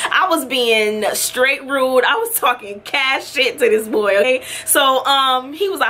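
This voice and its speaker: A young woman recounts a story straight to her camera in a loose, casual vlog. Her voice sits high and bright, and she acts out each side of the conversation. She breaks into laughter often. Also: moderate pace, few pauses, slight background noise. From Florida. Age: young adult. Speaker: YouTuber and makeup artist.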